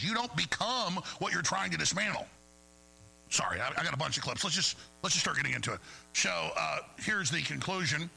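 A man's voice: a little high, vocal fry, pushed and bright, slightly rough, poor audio. A middle-aged man hosting a talk show, ranting angrily and going off on tangents while mocking his opponents. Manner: angry, digressive, mocking impressions. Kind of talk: ranting monologue.

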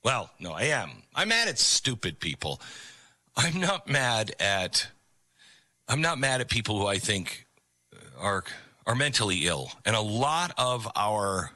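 A man's voice: lowish voice, very animated, a little slow, bright, forceful tone, dry recording. A middle-aged man hosting a talk radio show, speaking in a conversational, rambling way with sarcastic asides. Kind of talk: talk radio monologue with live ad read.

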